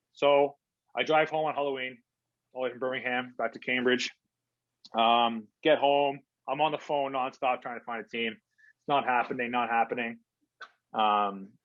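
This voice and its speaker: A man's voice: medium pitch, a bit bright, no echo. A man from Canada, a hockey player guest, telling stories casually with lots of fillers and replayed conversations. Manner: chatty, filler-heavy, replays conversations in quotes. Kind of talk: casual storytelling interview. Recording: dull, dry lo-fi sound.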